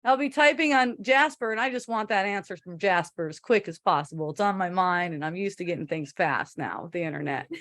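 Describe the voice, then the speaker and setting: A woman's voice: lowish voice, brisk, few pauses, fairly bright tone, dry recording, studio quality. A woman spiritual teacher answering a listener in a rambling, chatty way, swearing casually and laughing often.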